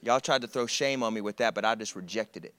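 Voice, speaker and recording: A man preaching a sermon, telling stories in an animated, conversational way with humor. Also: lowish voice, quick pace. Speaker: preacher at a college ministry. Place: church service.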